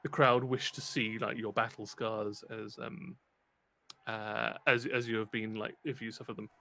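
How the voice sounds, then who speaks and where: A man's voice: fairly low pitch, flat delivery, moderate pace, gravelly, pushed and bright. A British man narrating a tabletop game as game master, rambling with many fillers and restarts.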